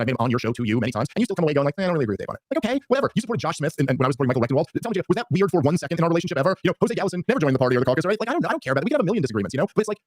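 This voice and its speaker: A man's voice: a little high, a little mellow, no echo, studio quality. A man talking casually on a podcast, exasperated and packed with fillers like "like". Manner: rapid, filler-heavy, exasperated.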